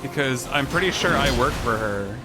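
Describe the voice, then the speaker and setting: A man's voice: mid-range voice, lively intonation, moderate pace, over loud music. A man casually commenting on a game he is streaming, thinking aloud and talking to his chat. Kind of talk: casual gaming livestream commentary.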